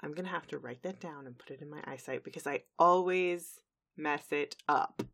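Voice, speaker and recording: A woman with a notably low, deep voice co-hosts a casual podcast. She talks chattily and loosely, recapping scenes as she goes and filling the gaps with easy fillers. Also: moderate pace, gravelly, a bit bright. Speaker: podcast co-host. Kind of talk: casual podcast episode review.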